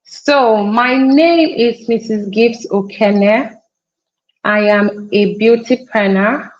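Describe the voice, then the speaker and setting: A woman's voice: on the high side, takes it slowly, dull audio. A young woman from Nigeria, a makeup artist, giving a conference talk in an instructive way and repeating her key points for emphasis. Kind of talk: conference presentation.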